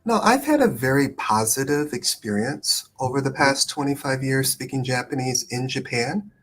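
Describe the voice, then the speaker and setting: A man hosting a live stream as an immigration attorney, talking in a thoughtful, hedging way with many pauses and ums. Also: mid-range voice, lively intonation, a bit bright. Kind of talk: conversational live stream chat.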